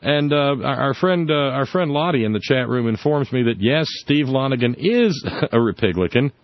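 A man's voice: mid-range voice, expressive, normal speed, no echo. A man hosting a casual political chat show, sardonic and rambling, with many restarts. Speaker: podcast host. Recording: dull lo-fi dry audio.

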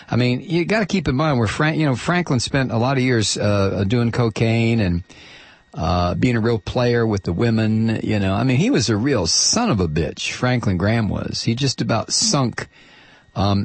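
A middle-aged man rambles bluntly through a casual monologue, often halting on hesitations and restarts. His ordinary-pitched voice has a gravelly edge and husky grain, recorded dry and close with no room sound.

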